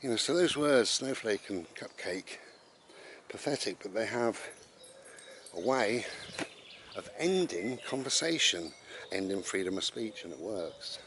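A man's voice: lowish voice, animated, unhurried, long pauses, a bit bright, slight background noise. A man, rambling bluntly and sarcastically in an opinion monologue while walking his dog outdoors, swearing casually. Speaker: vlogger.

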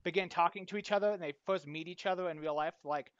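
A young man co-hosting a casual podcast chat, animated and swearing casually as he acts out quotes. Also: sits high, fast talker. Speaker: podcast co-host. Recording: dull, dry home mic.

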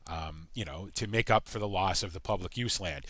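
An American man giving rambling let's-play commentary, halting and full of fillers. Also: deep voice, bright, forceful tone, no echo. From United States. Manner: halting, full of uh and you know. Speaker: gaming channel host.

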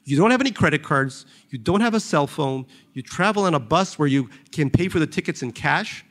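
A calm, blunt former employee, voiced by a man reading from a novel, lays out his reproach in a measured, level way. The voice sits a touch high for a man and moves with some life. He is a reproachful audiobook character who keeps his composure.

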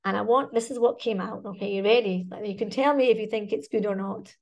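A woman's voice: mid-range voice, fairly even intonation, fairly quick, darkish tone. A woman with a Scottish accent presenting a teacher webinar in a chatty way, often checking in with "okay?" and "right?".

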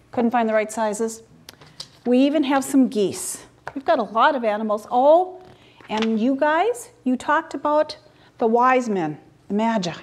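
A woman telling a story to a group of children in church, animated and full of questions for them. Her voice sits fairly high and she talks at an unhurried pace. Her tone stays lively and engaged throughout.

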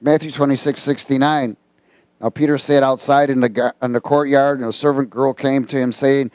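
A man's voice: mid-range voice, fairly even intonation, normal speed, a little mellow, no room sound. A male pastor delivering a conversational sermon, reading scripture and quizzing his congregation.

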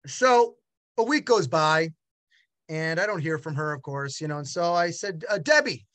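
A middle-aged man tells a personal story in a voice that leaps up and down. His speech is halting and full of restarts. The recording is dry and close. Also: fairly high pitch, no room sound. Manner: animated, acts out other voices in quotes. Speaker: gallery owner and art dealer.

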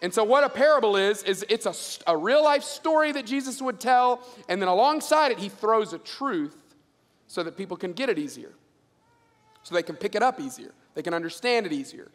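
High-voiced man preaching in a reverberant hall. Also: brisk. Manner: animated storyteller acting out dialogue in a lowered voice. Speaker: pastor. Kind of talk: sermon. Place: large church auditorium.

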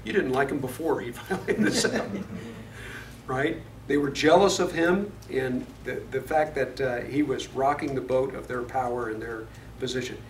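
A man's voice: mid-range voice, moderate pace, a little hiss or hum. A man from Florida teaching a Bible study lesson in a conversational way, often asking the class questions. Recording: echoey room, mic far off.

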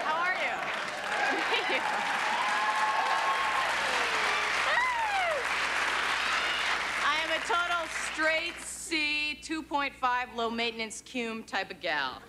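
Sardonic young woman doing stand-up. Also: fairly high pitch. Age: 20s. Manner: sardonic, self-deprecating, playful asides. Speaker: stand-up comedian. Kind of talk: stand-up comedy set. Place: comedy club stage with live audience. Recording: TV broadcast with crowd laughter and noise. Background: audience laughing.

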